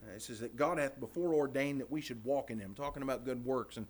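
A Baptist preacher giving an informal Bible study sermon in a folksy, animated way, often saying "man, I tell you what.". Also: mid-range voice, fast talker.

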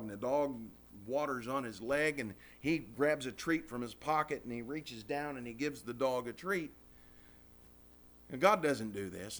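A man preaching a sermon in a folksy, animated way, quoting scripture between plain talk. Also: on the high side.

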